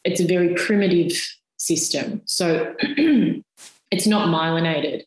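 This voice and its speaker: A woman's voice: on the low side, slow pace. A woman, a physiotherapist guest on a podcast, explaining things step by step with everyday comparisons. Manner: patient step-by-step explaining with analogies. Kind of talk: explanatory interview talk. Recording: roomy echoey sound.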